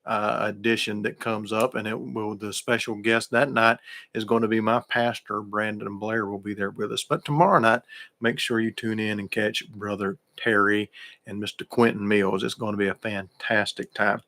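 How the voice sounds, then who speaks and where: A man's voice: lowish voice, steady tone, normal speed, bright, forceful tone. A middle-aged man, hosting a radio show in a casual, folksy way and greeting listeners in the chat by name.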